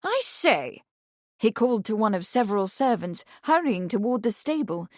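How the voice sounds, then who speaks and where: Woman reading a mystery audiobook, measured and steady, mid pitch, dry close mic. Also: no echo. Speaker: audiobook narrator. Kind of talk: scripted narration.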